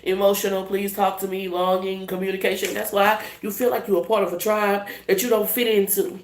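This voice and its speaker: A woman delivers a tarot reading in an emphatic, profane, conversational way. Her voice sits at a middle pitch and bounces around a roomy, echoey space. A faint hiss runs under the recording. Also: flat delivery, fairly quick. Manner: profane, emphatic, laughing asides. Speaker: tarot reader. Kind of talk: casual tarot reading monologue. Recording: echoey room, faint noise.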